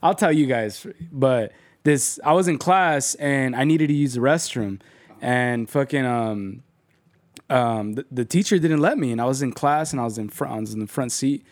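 Young guy telling a halting story. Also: medium pitch. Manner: halting, restarts a lot, swears casually. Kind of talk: casual podcast chat.

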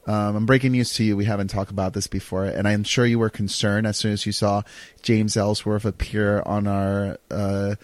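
A man co-hosting a casual wrestling chat, excitable and animated, quick to laugh. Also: on the low side, no room sound. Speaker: podcast co-host.

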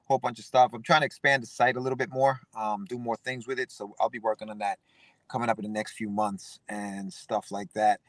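A man's voice: on the low side, little pitch movement, brisk, dry recording. A man co-hosting a casual chat, easygoing and fond of repeating himself. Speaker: podcast co-host.

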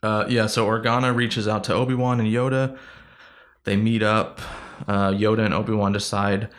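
A man's voice: fairly low pitch, level tone, moderate pace. A man co-hosting a casual chat, recapping a story and laughing easily. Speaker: podcast co-host.

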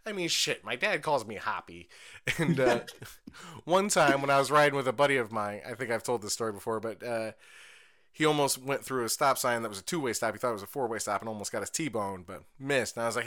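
A man's voice: mid-range voice, a little fast, fairly bright tone. A young man co-hosting a podcast, chatting casually, swearing and joking at his own expense, often breaking into laughter. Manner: laughing, profane, self-mocking. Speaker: podcast co-host. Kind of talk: casual chat.

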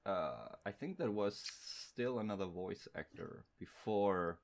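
Man, podcast host, casual chat, rambling retelling, lowish pitch. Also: expressive, measured pace, vocal fry, darkish tone. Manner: rambling retelling with many restarts.

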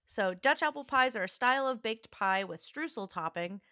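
A young woman chats casually, often breaking into giggles. Her voice is bright and lively, and she sits close to a dry, close mic. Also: a little high, moderate pace, no echo. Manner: giggly, reads aloud from notes. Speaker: podcast co-host. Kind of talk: casual chat.

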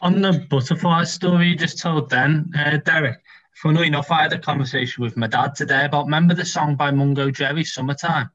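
A man hosting an interview speaks with a slightly higher pitch. He chats and trades anecdotes easily. The sound is muffled and lo-fi. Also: a little fast, a bit bright. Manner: chatty, anecdotal. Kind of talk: conversational interview.

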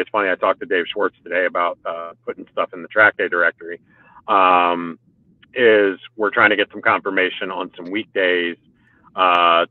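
A man with a deep, low voice chats loosely about coaching motorcycle riders, stacking fillers and restarts as he goes. He is heard over a narrow, phone-like line. The sound is dry, with no room around it. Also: dry recording. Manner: rambling, filler-heavy talk with restarts. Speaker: motorcycle track day organizer and riding coach. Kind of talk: casual podcast chat. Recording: phone-like call audio.

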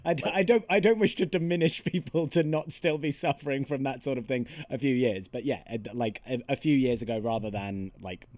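A man co-hosting a podcast, recapping a film in casual chat with deadpan jokes. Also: mid-range voice, a little fast, few pauses, no echo. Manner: joking, deadpan storytelling with swearing. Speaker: podcast co-host.

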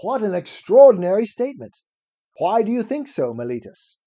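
A man's voice: high voice, very animated, moderate pace, warm tone, slightly rough, heavily acted. A man reading aloud as an elderly male philosopher defending himself at trial, ironic and probing. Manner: cross-examining, probing, ironic. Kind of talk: reading a classic dialogue aloud.

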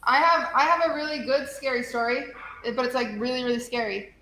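A woman streamer chatting casually with friends, playful and quick to tease back. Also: high-pitched, pushed and bright. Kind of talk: casual group chat on stream. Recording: echoey room with faint noise.

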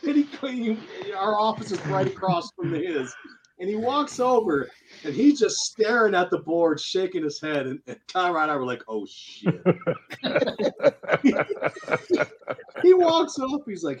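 A man, a retired Air Force NCO, telling old stories to friends in a lively, laughing, swearing way. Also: sits high, measured pace, pauses often, low-quality recording. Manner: animated, laughing, swearing, acting out quotes. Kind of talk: casual storytelling among old friends.

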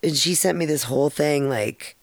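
Podcast host, middle-aged woman, low gravelly voice, frank rambling storyteller, dry close sound. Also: normal speed, dry recording. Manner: rambling, frank, laughs often, swears casually. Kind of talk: casual storytelling.

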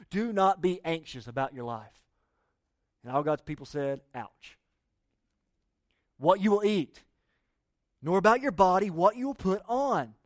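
A male pastor preaching a sermon in an earnest, emphatic way, often dropping softly at the ends of phrases. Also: high-pitched, dry recording, clean studio sound.

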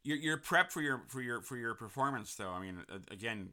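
Man, podcast host, casual interview, rambling, bright voice. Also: mid-range voice, lively intonation, brisk. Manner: rambling, many restarts and fillers.

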